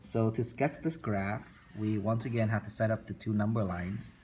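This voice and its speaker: A man teaching a math lesson, calmly repeating each step while he sketches a graph. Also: on the low side, slight background noise. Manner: slow, repetitive, talking through steps while sketching. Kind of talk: classroom lecture recorded for students.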